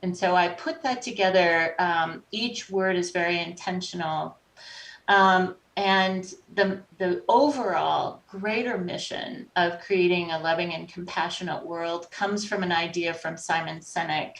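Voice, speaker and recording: A woman guest on a podcast, telling stories in an animated, conversational way and acting out the voices of people she met. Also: fairly low pitch, measured pace. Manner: animated, acts out quoted voices. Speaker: podcast guest, life coach. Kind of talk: conversational storytelling. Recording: roomy echo, distant from mic.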